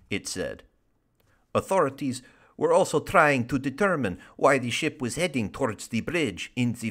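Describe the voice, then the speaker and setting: A man's voice: mid-range voice, natural voice. A man putting on a mock Russian accent to read a news story in a hammy, over-the-top way.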